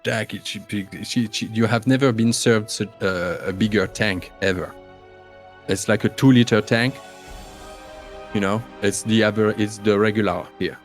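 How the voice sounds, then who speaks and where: A man narrating a tabletop game as game master, halting and searching for words. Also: on the low side, fairly even intonation, faint music behind. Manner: halting, full of fillers and restarts, searching for words.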